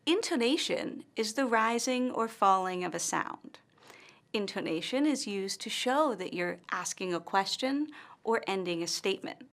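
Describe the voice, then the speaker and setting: Woman pronunciation teacher, scripted lesson narration, slow and instructional. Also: mid-range voice, expressive, a bit bright.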